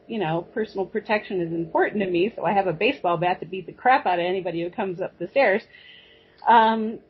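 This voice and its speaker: A woman guest telling a personal story in a rambling, animated way, with restarts and asides. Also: medium pitch. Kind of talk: personal storytelling on a talk show. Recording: dull lo-fi audio.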